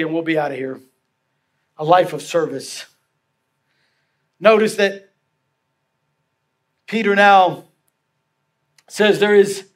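A man preaching a sermon as pastor, telling a story with repeated phrases for emphasis and dropping to soft tones. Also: high voice.

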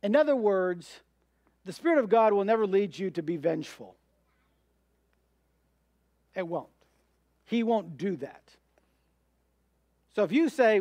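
A man's voice: high-pitched, animated, unhurried, long pauses, a little mellow, no echo. A man preaching a sermon as pastor, emphatic, answering rhetorical questions and acting out voices of doubt.

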